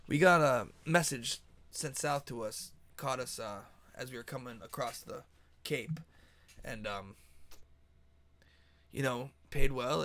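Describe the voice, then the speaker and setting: A man's voice: mid-range voice, vocal fry, a bit bright. A man voicing a plainspoken male ship captain laying out the voyage.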